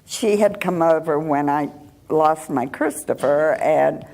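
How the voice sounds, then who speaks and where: An older woman giving a personal testimony at church, telling her story in a halting, unhurried way with restarts and soft laughs. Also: sits low, gravelly.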